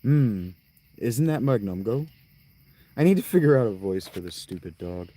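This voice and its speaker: A man's voice: lowish voice, lively intonation, normal speed, dark tone. A man giving casual, rambling gaming commentary, cursing often and talking to himself. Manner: profane, rambling, talks to himself. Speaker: let's play streamer. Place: tent. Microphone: clip-on mic.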